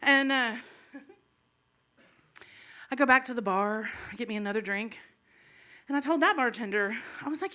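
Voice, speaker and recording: Bright-voiced woman telling a comic story. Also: on the high side, normal speed, pauses often. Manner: animated, laughing as she tells it. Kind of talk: live comedic storytelling. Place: live stage before an audience.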